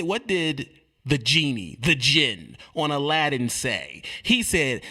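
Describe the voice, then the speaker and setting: A man delivering a streetwise comedic rant, animated and repetitive, swinging between loud and quiet. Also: a little high, a little slow. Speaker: comedic ranting monologue.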